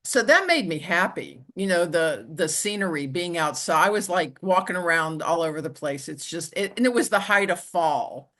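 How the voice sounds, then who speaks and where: A woman telling her own story as an interview guest, in a halting way with frequent restarts and "you know". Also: on the low side, expressive, a bit bright. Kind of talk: conversational personal storytelling.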